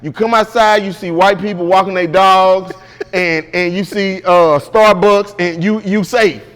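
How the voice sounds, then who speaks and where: A man's voice: high voice, fairly even intonation, measured pace, fairly bright tone, big-room sound. A man guest in an interview, telling a story casually and with animation, full of slang and repeated "bro".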